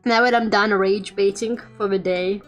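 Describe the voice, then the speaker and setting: A woman's voice: mid-range voice, fairly even intonation, normal speed, dull audio. A young woman streamer chatting casually and playfully while she draws, with lots of fillers and joking rants. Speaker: streamer and artist. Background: quiet game music playing.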